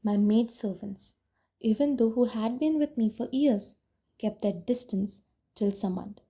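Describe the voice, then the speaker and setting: Husky-voiced woman reading an audiobook. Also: on the high side, unhurried. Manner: steady, reflective storytelling. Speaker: audiobook narrator. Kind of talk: first-person audiobook reading.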